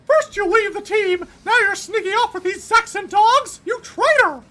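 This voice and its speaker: A man voicing a furious young male gang hacker in a squeaky cartoon-mouse falsetto, shouting threats. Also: moderate pace.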